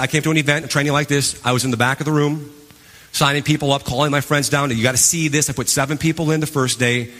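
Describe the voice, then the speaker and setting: Man, bright forceful voice, animated storyteller, live talk on stage, long hall reverb. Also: mid-range voice. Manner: animated storytelling, acts out his past reactions. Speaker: motivational speaker. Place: large event hall.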